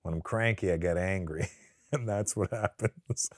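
Canadian-raised man guest, lowish voice, dry studio sound, loose profane storytelling. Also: normal speed, dry recording. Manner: profane, animated storyteller who acts out quotes. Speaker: guest comedian. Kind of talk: casual interview storytelling. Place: studio sit-down interview.

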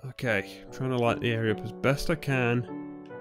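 A young man giving nervous, excitable commentary on a game he is playing, often bursting into shouts. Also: mid-range voice, moderate pace, music in the background. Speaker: gaming YouTuber. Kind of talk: Let's Play commentary.

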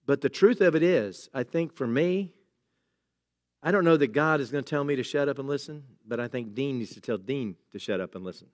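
A man's voice: mid-range voice, animated, fairly quick. A middle-aged man preaching a sermon in a church, conversational and jokey, with chuckles and asides to the congregation. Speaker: pastor. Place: church sanctuary.

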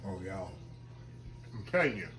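A man's voice: deep voice, very animated, a little slow, sharp tone, a little hiss or hum, poor audio. A man hosting a casual home cooking vlog, folksy and chatty, often calling out to viewers as y'all. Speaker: home cooking channel host.

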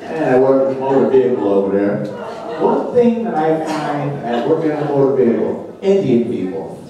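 A man's voice: medium pitch, sing-song, a little fast, muffled recording, crowd noise. A man doing a crude, self-deprecating stand-up set in a comedy club, slipping into silly voices. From New Jersey. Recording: echoey club heard from a distance.

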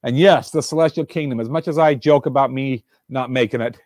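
A man giving a livestreamed devotional fireside talk from a room, earnest and animated, repeating his questions, stumbling over words and reading viewer answers aloud. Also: medium pitch, brisk, no echo, clean studio sound. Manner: reads viewer answers aloud from a live chat. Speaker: fireside speaker. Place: indoors room, alone.

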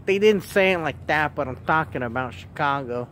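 With a fairly high, slightly bright voice, he's animated and speaks at a moderate pace. The man jokes and chats as he vlogs at a small outdoor food stand on a handheld phone, over the sound of traffic.

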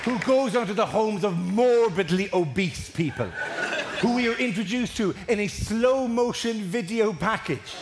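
High-voiced man doing mocking stand-up. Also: normal speed, crowd noise. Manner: mocking, animated storytelling. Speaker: stand-up comedian. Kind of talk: stand-up routine. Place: live comedy venue with audience. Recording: echoey hall with audience noise.

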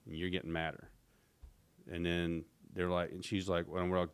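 Low-voiced middle-aged man telling stories. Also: steady tone, brisk, smooth. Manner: rambling, frequent restarts, acts out quotes. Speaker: podcast guest. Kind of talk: casual storytelling interview.

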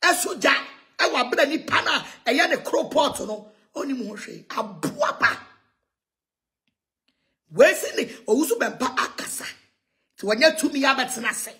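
A Ghanaian woman ranting heatedly in a mocking tone, shouting insults and laughing between lines. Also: high voice, expressive, moderate pace, pauses often. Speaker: self-styled prophetess ranting on video. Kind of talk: heated rant in Twi and English.

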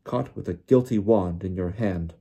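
A man voicing a gruff, bullying male ministry official who growls accusations. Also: low-pitched, moderate pace, warm tone. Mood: harsh.

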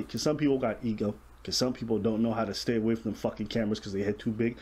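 A man's voice: on the low side, fairly even intonation, fast talker, hardly any pauses, darkish tone, slightly rough. A man hosting a casual reaction show, explaining the news bluntly with profanity.

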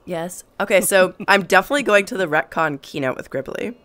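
A woman's voice: on the low side, a little fast, fairly bright tone. A young woman hosting a gaming stream, chatting casually, laughing often and reading chat aloud over a headset mic. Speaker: streamer host.

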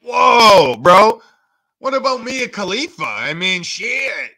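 A man's voice: high voice, big pitch swings, takes it slowly, sharp tone. A man hosting a reaction channel, making sarcastic, mocking comments.

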